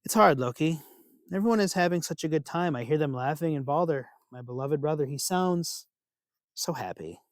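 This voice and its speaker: A man's voice: on the high side, expressive, moderate pace, dry recording, studio quality, close to an everyday voice. A man voicing a strong blind young god who sounds wistful and left out. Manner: wistful, plaintive.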